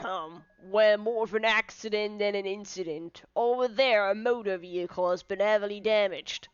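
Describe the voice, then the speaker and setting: A woman's voice: medium pitch, moderate pace, smooth, no room sound, highs cut off, close to an everyday voice. A woman voicing a stern, bossy male police inspector in a video game who barks orders.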